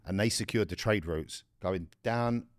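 A young man with a very deep voice co-hosts a casual podcast chat. He talks bluntly in slang and likes to explain things at length. The recording is dry, with no room sound at all. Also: measured pace, no echo. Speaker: podcast co-host.

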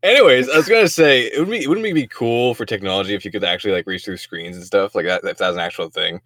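A man's voice: fairly low pitch, fast, fairly bright tone, dry recording. A young man co-hosting a podcast, teasing the others and laughing at his own jokes in casual chat. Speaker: podcast co-host.

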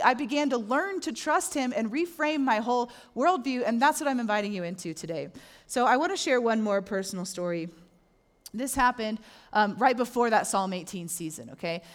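A middle-aged woman preaches a sermon as a pastor. Her delivery is animated, and she acts out the voices of the people she quotes. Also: on the high side, brisk.

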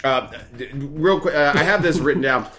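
A man's voice: a little high, normal speed, fairly bright tone. A man co-hosting a comedy podcast, telling stories in crude, jokey banter and laughing often. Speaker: podcast co-host.

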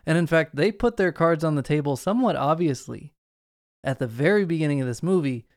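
A man hosting a casual movie-review podcast, eager and talkative, with a fairly high, clean, resonant voice. He explains things at length. The sound is close and dry. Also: expressive, brisk, dry recording. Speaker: podcast host.

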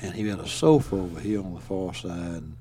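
A man's voice: sits low, animated, a little fast, warm tone, a little hiss or hum. An older man from Alabama with a Southern accent, telling a story in a folksy, rambling way and chuckling as he goes. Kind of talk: casual storytelling.

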